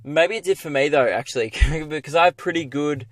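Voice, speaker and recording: A young Australian man tells a comic story on his podcast. He is animated and profane, and he mocks himself. The sound is dry and close, with no room echo. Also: on the high side, fairly quick. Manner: animated, profane, self-mocking. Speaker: comedian and podcast host.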